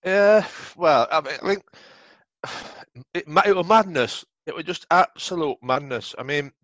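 Swearing Yorkshire ex-footballer, dry muffled sound. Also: male voice, a little high, expressive, measured pace, fairly bright tone, no echo. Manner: swears freely, rambling anecdotes. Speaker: podcast guest, former footballer. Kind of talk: casual storytelling interview.

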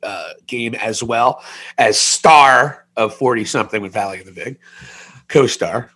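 Unhurried and pushed and bright with a breathy edge, this mid-range male voice belongs to a podcast co-host in his forties. During casual chat he rambles through an honest personal story, making fun of himself as he goes.

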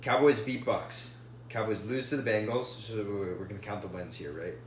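A young man co-hosting a casual sports podcast, excitable and stumbling over his words. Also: fairly low pitch, moderate pace, reverberant, a little hiss or hum. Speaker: podcast co-host.

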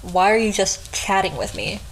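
A woman's voice: mid-range voice, animated, normal speed, slight background noise, close to an everyday voice, poor audio. A woman voicing a jittery young man who has just died, asking flustered, rattled questions. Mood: panicked. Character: jittery young man, newly dead and panicking.

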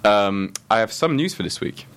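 A man's voice: fairly low pitch, smooth. A young man hosting a student radio show, chatting and joking with a guest. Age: young adult. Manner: fast, joking, animated. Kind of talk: casual chat.

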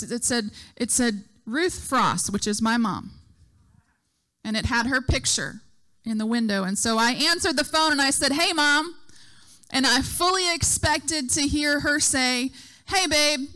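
A woman's voice: fairly high pitch, a bit bright. A middle-aged woman preaching a sermon, telling a story and acting out the voices she quotes.

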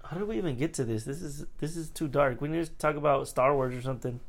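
A man's voice: fairly high pitch, fast, vocal fry. A man in his thirties hosting a podcast, chatting casually and swearing freely. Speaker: podcast host. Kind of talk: casual chat.

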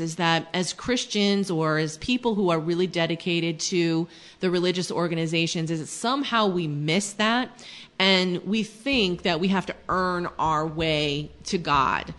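A woman's voice: fairly low pitch, moderate pace, fairly bright tone. A woman hosting a faith podcast, teaching in an earnest, conversational way with many fillers. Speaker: podcast host.

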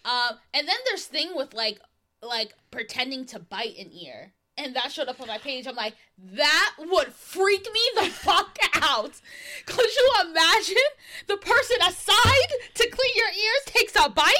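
A young woman co-hosting a casual chat podcast, playful and expressive, swearing freely. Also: sits high, moderate pace. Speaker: podcast co-host.

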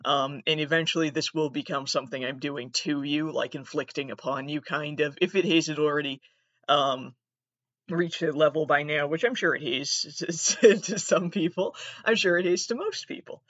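A woman's voice: deep voice, moderate pace, dry recording. A young woman in her twenties rambles through a solo podcast monologue, swearing freely and poking fun at herself. She sits close to the mic, and the sound is dry, a bit dull, with no room around it. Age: 20s. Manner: rambling, profane, self-deprecating. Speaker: podcast host and comedian.

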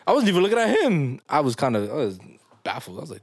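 A young man hosting a podcast, telling stories in a loose, animated way full of slang and laughs. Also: mid-range voice, fast, pauses often, dry recording, clean studio sound. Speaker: podcast host. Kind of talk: casual podcast chat.

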